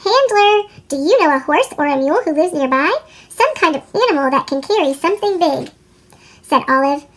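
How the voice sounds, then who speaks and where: A woman voicing a brave, kind female dog in a storybook reading, her voice sped up into a chipmunk pitch. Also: lively intonation, brisk, fairly bright tone. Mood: earnest. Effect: sped-up chipmunk pitch shift.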